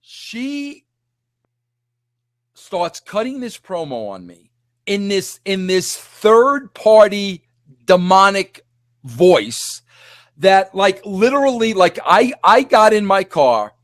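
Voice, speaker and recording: A middle-aged man hosting a podcast, ranting in a rambling, excitable way full of restarts and filler words. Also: sits high, takes it slowly, no room sound, studio quality. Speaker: podcast host. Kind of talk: animated solo rant.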